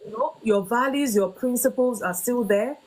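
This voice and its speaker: A woman's voice: fairly high pitch, moderate pace, a little mellow, poor audio. A woman hosting a faith-based talk on marriage, speaking earnestly with emphatic, preaching emphasis. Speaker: host.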